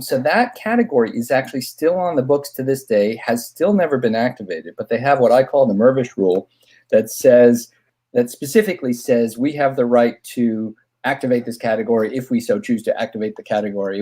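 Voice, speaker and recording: A middle-aged man with a husky, slightly breathy voice tells a rambling story in a relaxed podcast conversation. His pitch sits in the middle, and he jumps up in pitch when he acts out the people he quotes. He speaks into a podcast microphone. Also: moderate pace. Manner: animated anecdote teller, acts out quoted voices. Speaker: guest film director.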